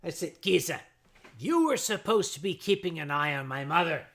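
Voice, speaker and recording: A man hosting a livestream, telling a story to his chat in a sardonic, animated way and acting out his own shouting. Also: fairly high pitch, normal speed. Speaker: livestream host.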